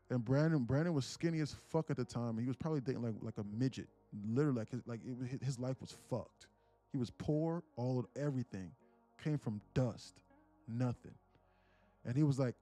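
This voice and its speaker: A young man tells a story in a loose, profane, animated way. His voice sits at a middle pitch. Soft music plays faintly behind him. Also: brisk. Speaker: day-trading livestream host. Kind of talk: casual storytelling.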